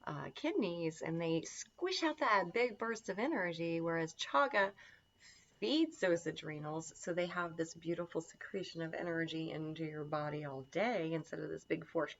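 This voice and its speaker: Woman, casual herbal lesson, enthusiastic, filler-heavy, low-ish pitch, muffled lo-fi audio. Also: lively intonation, normal speed, creaky, a little hiss or hum. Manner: chatty, enthusiastic, many fillers. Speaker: herbal wellness teacher. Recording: dull lo-fi sound.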